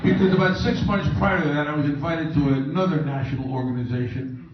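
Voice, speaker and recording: A man's voice: on the high side, fairly even intonation, brisk. A middle-aged man giving a humorous, self-mocking personal story as a conference speaker. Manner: anecdotal, joking, self-mocking. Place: large conference room. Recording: echoey, distant, muffled, noisy room recording.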